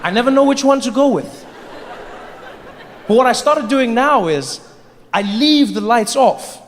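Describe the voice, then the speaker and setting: A man doing a stand-up comedy set on a large theater stage, telling his story in an animated way, with sudden drops and jumps in his voice. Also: very high-pitched, measured pace, slight background noise. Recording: live show in a reverberant hall.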